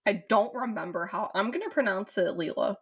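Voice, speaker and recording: This woman from the southern United States co-hosts a podcast, chatting casually about a film with lots of fillers and restarts. Her mid-range voice is fairly bright and slightly rough, with lively intonation and a slightly quick pace.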